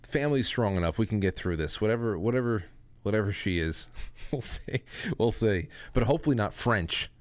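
Male host, joking monologue, lowish voice, dry sound. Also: animated, brisk, dry recording. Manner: rambling, self-deprecating, joking. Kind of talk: casual monologue.

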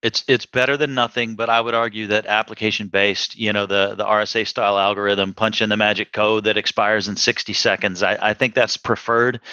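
A man talks through his points in a relaxed, thoughtful way and often restarts his sentences. His voice is bright and forward. The audio is dry and a bit dull. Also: on the low side, no echo. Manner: thoughtful, with frequent restarts and fillers. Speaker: podcast guest, security executive. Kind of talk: casual conversation.

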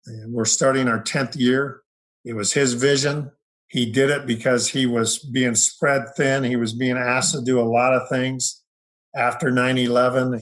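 A man's voice: medium pitch, a bit bright, poor audio. An older man, a retired general and foundation chief, speaking plainly and upbeat as an interview guest.

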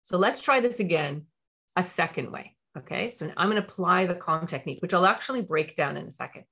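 A woman's voice: lowish voice, lively intonation, brisk, bright, forceful tone, husky. A woman parenting coach who explains a technique and repeats her points for stress.

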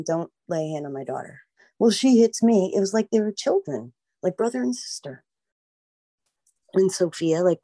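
A middle-aged American woman, the mother of a missing girl, speaks as a guest in an emotional interview. Her deep, creaky voice has a dark, husky tone, and there's no echo. She rambles, acts out quoted voices, and leans on "like" and "you know."

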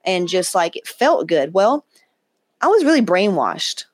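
A woman's voice: fairly low pitch, measured pace, no room sound. Frank, profane woman host, dry close sound. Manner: candid, profane, animated, quoting others in asides. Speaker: podcast host. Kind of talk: casual storytelling monologue.

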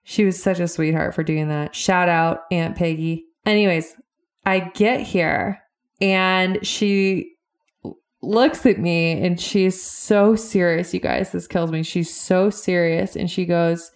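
Brief: woman relationship coach hosting a podcast, lowish voice, unhurried, chatty, speaks straight to listeners. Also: steady tone. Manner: chatty, upbeat, addresses listeners directly. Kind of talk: casual podcast monologue.

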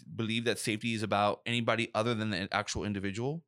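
A man's voice: lowish voice, fast, few pauses, no room sound, studio quality. A young adult man co-hosting a casual podcast as a safety professional, talking emphatically and acting out quotes. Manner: animated, emphatic, acts out quotes.

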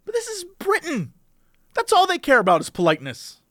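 A man on a podcast with a high, very lively voice that jumps around as he tells stories. He keeps lapsing into quick impressions of other people. The sound is dry and close to the mic. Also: no room sound. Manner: animated storyteller who slips into voices. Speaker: podcast co-host. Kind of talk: casual chat.

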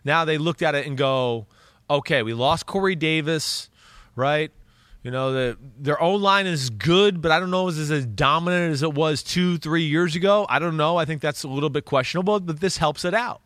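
A man's voice: fairly high pitch, brisk, no echo. Fired-up, blunt football analyst man. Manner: animated, blunt, swears freely. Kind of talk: casual podcast talk.

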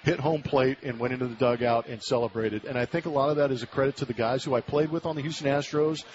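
A man's voice: medium pitch, quick pace, a little hiss or hum. A man in his forties from Southern California, a former ballplayer telling a story as a guest in a casual interview. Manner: animated storyteller, acts out quoted voices. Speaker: former baseball player, guest. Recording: muffled radio broadcast audio.

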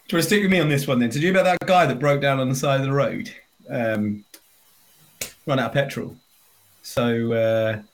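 A man co-hosting a podcast, telling long rambling dad jokes in a chatty, casual way and laughing along. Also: mid-range voice. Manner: chatty, rambling storyteller who laughs at his own jokes. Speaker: podcast co-host. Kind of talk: casual dad-joke swapping.

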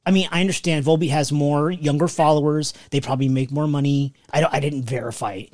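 A man co-hosting a casual podcast, trading dry, deadpan quips. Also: fairly high pitch, brisk, no echo. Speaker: podcast co-host. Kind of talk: casual banter.

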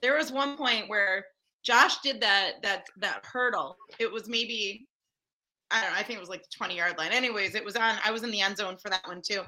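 A woman guest telling a story in casual chat, animated and full of fillers. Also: mid-range voice, a little fast, poor audio. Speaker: podcast guest.

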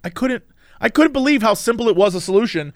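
A man hosting a casual chat, spinning a story in a high, lively voice that leaps up and down. He acts out the people he quotes in sudden bursts. The sound is dry and close. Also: fast talker, no room sound. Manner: animated storyteller, acts out quotes with big pitch jumps. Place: Los Angeles.

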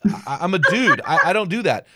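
A man's voice: high voice, sing-song, normal speed, heavy background noise. A middle-aged man hosting a podcast interview, talking conversationally and often restarting his sentences. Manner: conversational, with frequent restarts and self-corrections. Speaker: podcast host.

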